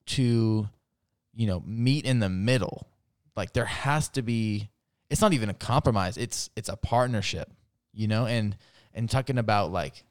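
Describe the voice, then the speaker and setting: A man's voice: fairly low pitch, clean tone, dry recording, studio quality. A man talking as a podcast guest in casual chat, rambling with lots of fillers and laughing as he retells stories.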